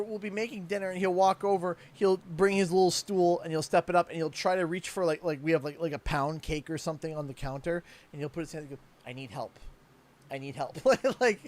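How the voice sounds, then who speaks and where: A Canadian man in his thirties chatting casually while playing a game, telling animated stories and laughing often. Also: high voice. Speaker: gaming YouTuber.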